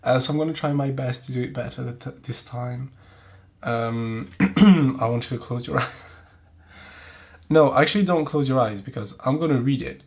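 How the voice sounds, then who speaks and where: A man's voice: medium pitch, vocal fry. A man with a French accent, a French speaker hosting a podcast in casual chat. He rambles, swears freely and mocks himself, and he sounds nasal from pollen right now. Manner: profane, rambling, self-mocking. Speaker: podcast host. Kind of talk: casual chat and reading aloud.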